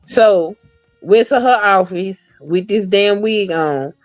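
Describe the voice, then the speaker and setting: A woman's voice: medium pitch, slow, dry recording. A woman talks bluntly and swears freely as she tells stories from her old jobs. Her voice sits mid-range and sounds dry and close. A faint music bed plays underneath. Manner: blunt and profane storytelling. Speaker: podcast co-host. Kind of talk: casual chat.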